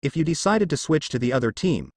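A man's voice: fairly high pitch, sing-song, quick pace, no echo, clean studio sound. A man doing a sly, boastful teen boy. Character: girl-crazy teenage boy ninja, sly and boastful.

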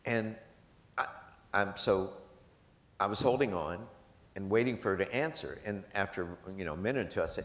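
At a gala in a large event hall, a male guest entertains a live audience with funny, chatty stories, joking along and quoting the people involved. His voice is on the low side and a bit bright, with a moderate pace and frequent pauses. The hall gives the recording an echo.

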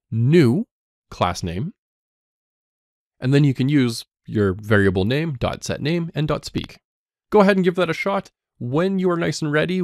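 A man's voice: no room sound, studio quality. A man teaching a coding lesson, explaining step by step and reading code aloud as he types. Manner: lively ups and downs in pitch. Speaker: coding instructor.

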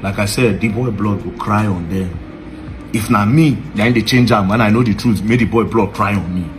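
A man's voice: on the low side, moderate pace, music in the background. A man with a Nigerian accent, ranting combatively in a video monologue and mixing Pidgin with English.

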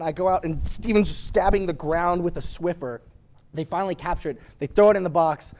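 A man's voice: high voice, quick pace. A man co-hosting a podcast, telling a story in casual chat and acting out the people in it. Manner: animated, acts out voices in his story. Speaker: podcast co-host.

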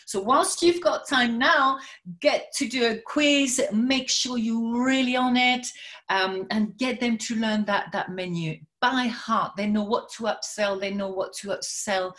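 Energetic woman coaching salon staff. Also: fairly high pitch, a little slow. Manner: energetic, emphatic, repeats words for stress. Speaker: spa and salon business coach. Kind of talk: webinar presentation.

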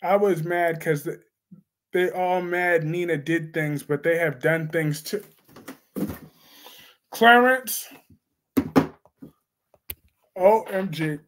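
A young man with a high voice hosts a live stream about soap operas. He reads viewer comments aloud, reacts with sudden bursts of excitement, and talks in a loose, slangy way. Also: slow pace, long pauses, slight background noise. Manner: animated, laughing, slangy, reacts loudly to chat.

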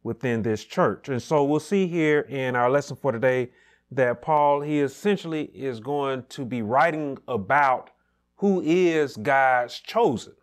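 A man teaching a Sunday school Bible lesson, measured and repetitive, checking in with "right?" as he explains. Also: medium pitch. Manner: measured, repeats key points, asks "right?".

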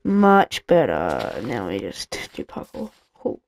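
A woman with a rumbling low voice, wildly swooping pitch, vocal fry and a slightly mellow quality speaks slowly. She's a gameplay video creator rambling casually to herself while playing at home, filling gaps with lots of fillers. Traffic from the busy street outside is audible, with trucks passing by.

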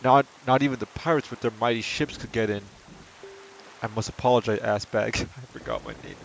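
A man's voice: mid-range voice, fast talker, gravelly, a bit bright, soft background music. Chatty man reading game dialogue aloud. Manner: chatty, self-deprecating, reads lines aloud. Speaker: streamer.

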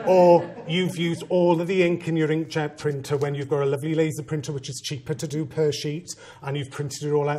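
A man who is a head teacher, giving a conference talk and telling a story with humor and animated, self-mocking asides. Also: fairly high pitch.

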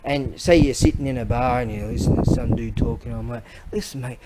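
Aussie man, mid-pitched, rambling show-and-tell, noisy recording with clicks. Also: fairly quick. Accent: Australian. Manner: rambling, excitable, slangy, with frequent restarts. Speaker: online seller showing items.

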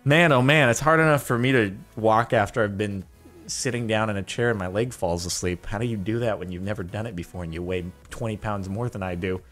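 A man's voice: on the low side, fairly quick, a bit bright, faint music behind. A man giving casual, rambling, joking commentary while reacting to videos. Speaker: vlogger.

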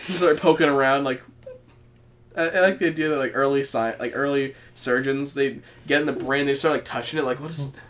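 A woman's voice: extremely low pitch, steady tone, a little fast, slight background noise. A woman co-hosting a podcast in casual chat, giggling, swearing freely and acting out silly voices. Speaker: podcast co-host.

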